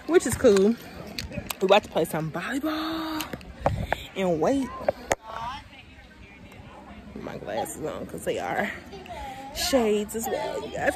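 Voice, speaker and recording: A woman's voice: mid-range voice, big pitch swings, slow pace, long pauses, a loud crowd. A woman vlogging casually outdoors at a lake beach, chatting to her viewers. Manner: chatty, addresses viewers as y'all.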